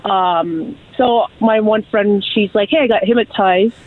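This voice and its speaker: A woman calling in to a radio show and telling a story in a chatty, lively way, acting out what people said. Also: medium pitch, a little slow. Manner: lively, chatty storyteller who acts out quotes. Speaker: caller. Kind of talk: call-in storytelling. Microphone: telephone. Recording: phone line.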